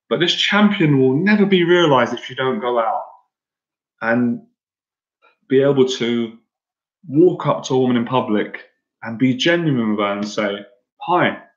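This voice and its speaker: Guy coaching on a live stream, earnest and emotional, repeats himself, roomy dull audio. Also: mid-range voice. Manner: earnest, emotional, repetitive, stumbles and restarts. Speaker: dating and anxiety coach. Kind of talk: impassioned live-stream monologue.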